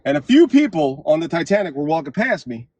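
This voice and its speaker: A man hosting his own vlog, delivering an impassioned political monologue and telling stories, his voice swinging up to shouts at the climaxes. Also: fairly high pitch, sing-song, fairly quick, dry recording, dull audio. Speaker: vlog host.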